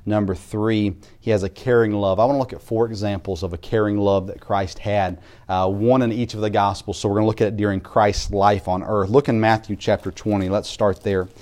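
A man preaching a sermon, reading scripture aloud in King James wording and building from quiet reflection to louder emphasis. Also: on the low side, fairly even intonation, a little fast.

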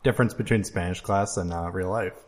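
A podcast co-host with a lowish voice talks in a relaxed, easygoing way. He shares a short story in casual conversation with his friends. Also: fairly quick. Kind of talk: casual chat.

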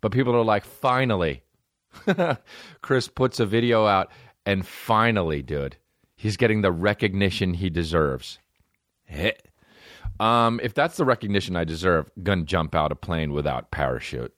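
A man with a low voice holds forth on his podcast in a loose, profane, rambling rant, breaking into mock rap rhymes. His pitch leaps and dips all over the place. The sound is dry and close, with no room echo. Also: animated, normal speed, fairly bright tone. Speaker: podcast host. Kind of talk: casual comedic rant.

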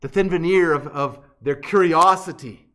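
A man's voice: fairly high pitch, normal speed, fairly bright tone. A man preaching an expository sermon, earnest and emphatic, often restarting and repeating words.

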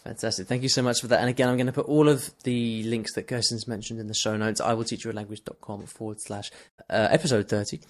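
A male podcast host with brisk, rapid delivery. He keeps an upbeat, friendly tone as he thanks his guest and points listeners to resources. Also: lowish voice, little pitch movement. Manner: upbeat, friendly wrap-up patter. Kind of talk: casual podcast chat.

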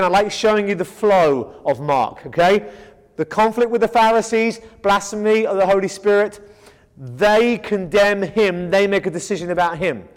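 A man lecturing on scripture in a voice pitched well above most men's. He drives his points home by posing questions and answering them himself. The sound carries a long hall reverb. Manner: emphatic, asks rhetorical questions and answers them. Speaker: Bible teacher. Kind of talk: Bible study lecture.

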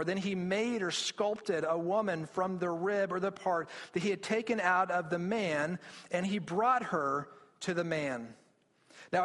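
High-voiced male pastor preaching in a reverberant hall. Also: a bit bright. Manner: earnest, explanatory preaching with frequent restarts. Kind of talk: sermon. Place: church sanctuary. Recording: long reverb of a church hall.

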